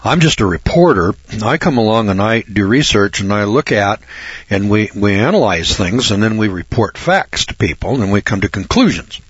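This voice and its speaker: A man's voice: lowish voice, expressive, moderate pace, breathy edge, no room sound. An older man from Northern California, a reporter, telling a folksy personal story and repeating words for emphasis. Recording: dull lo-fi recording.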